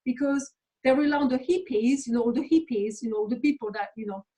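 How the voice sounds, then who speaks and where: An Englishwoman speaks in a casual interview. Her voice is husky and a little high, and she is blunt, emphatic and quick to swear. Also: mellow, rough recording. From England. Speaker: interview guest. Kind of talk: casual conversational rant.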